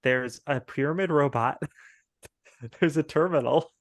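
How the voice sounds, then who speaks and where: A man's voice: on the high side, unhurried, no room sound. A man narrating as game master of a tabletop game, rambling with many fillers and laughing often.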